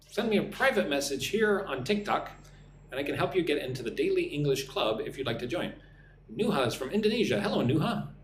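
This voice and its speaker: A man from the United States teaching an English lesson on a live stream, speaking slowly and clearly for learners. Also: fairly high pitch, roomy sound, a little hiss or hum. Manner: slow, clear drill phrasing for learners.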